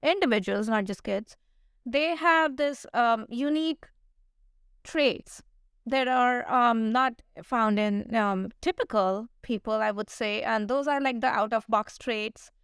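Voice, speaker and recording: Hesitant high-voiced woman host. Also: slow pace, fairly bright tone, clean tone, no echo, studio quality. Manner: hesitant, many ums, encouraging. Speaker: podcast host. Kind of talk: casual interview chat.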